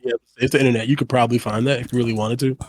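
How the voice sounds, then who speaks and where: A man co-hosting a podcast, chatting casually with halting restarts and dry jokes. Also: medium pitch, fairly even intonation, darkish tone. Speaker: podcast co-host. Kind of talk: casual banter.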